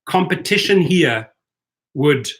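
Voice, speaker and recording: A man's voice: on the high side, animated, slow, fairly bright tone. A man hosting a rideshare channel, ranting heatedly on a livestream, with stammered restarts. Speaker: host of a rideshare driver channel. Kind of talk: livestream commentary reading chat.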